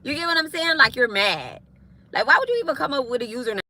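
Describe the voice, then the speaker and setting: Heated, bright-voiced woman ranting on a livestream. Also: high-pitched, lively intonation, fast talker, slight background noise. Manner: heated, confrontational, profane, repetitive. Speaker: spiritualist live streamer. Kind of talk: livestream rant to viewers.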